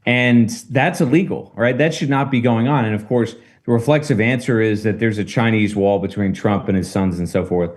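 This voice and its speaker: A man talking through current politics in a casual discussion, measured and emphatic, with rhetorical questions. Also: lowish voice. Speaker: political commentator.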